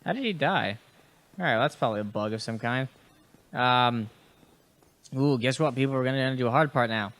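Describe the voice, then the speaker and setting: A young gamer-host with a mid-range, somewhat bright voice talks at a moderate pace, leaving long pauses. Playing as he chats on his casual gaming podcast, he rambles, uses fillers, restarts, curses offhandedly, and talks to enemies in the game.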